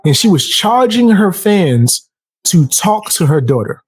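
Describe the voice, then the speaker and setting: A man hosts a casual podcast, recounting stories with lots of energy and jumping into other people's voices as he goes. His voice sits a bit high for a man. The sound is dry and close, with no room around it. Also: measured pace, slightly rough, no room sound. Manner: animated storyteller, acts out quotes in a raised voice. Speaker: podcast host.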